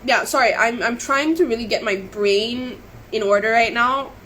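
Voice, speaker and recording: A woman's voice: a little high, moderate pace, fairly bright tone, slight background noise, poor audio. A woman telling her story on a live stream, shaken and close to tears, rambling, apologizing and restarting her sentences. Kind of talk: emotional live stream monologue.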